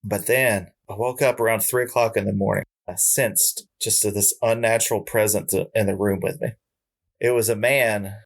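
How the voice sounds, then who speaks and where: A male podcast co-host telling a comic tall tale in animated, deadpan storytelling. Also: on the low side. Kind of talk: casual chat, comic storytelling.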